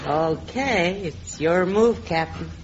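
A woman's voice: on the low side, animated, slow, heavy background noise. A woman voicing a cooing, teasing companion in a radio comedy. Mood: flirty. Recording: distant, dull old radio recording.

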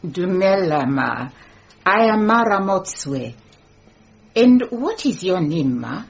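Mma Ramotswe, calm and shrewd. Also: female voice, lowish voice, gravelly, exaggerated voice. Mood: sly. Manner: measured, polite, pointedly sly. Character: shrewd, calm, composed woman, newly engaged. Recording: dull lo-fi radio recording.

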